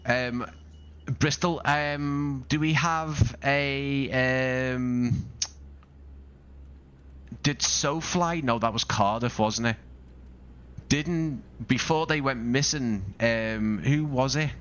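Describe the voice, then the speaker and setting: A man's voice: mid-range voice, very slow, pauses often, a bit bright, smooth, highs cut off. Chatty Scouse man streaming a game. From Liverpool, England. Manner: rambling, thinks aloud, chatty asides to viewers. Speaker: flight sim streamer. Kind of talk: casual live-stream commentary.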